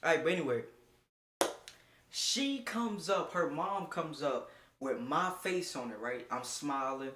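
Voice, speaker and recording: A young man streaming a casual storytime, slangy and animated, laughing often as he talks. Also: medium pitch, moderate pace.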